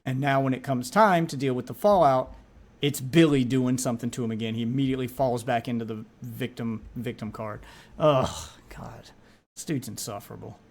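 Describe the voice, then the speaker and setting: A man's voice: medium pitch, steady tone, fairly quick, darkish tone. A man streaming a reaction to a video, talking casually and with exasperation, often repeating words as he gets heated.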